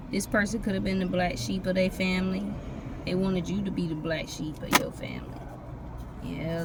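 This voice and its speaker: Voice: mid-range voice, gravelly. A tarot reader giving a loose, casual reading, free-associating from one image to the next with plenty of profanity. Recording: noisy background with vehicle sounds.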